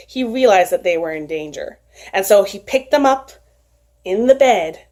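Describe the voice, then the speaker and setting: A woman retelling a folktale aloud in an expressive, animated storytelling manner. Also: medium pitch.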